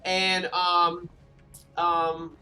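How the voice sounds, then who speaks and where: A man's voice: high voice, monotone, very slow, sharp tone, faint music behind. A man chatting casually on a livestream while he plays, telling a rambling story full of fillers and restarts. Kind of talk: casual chat while playing a game.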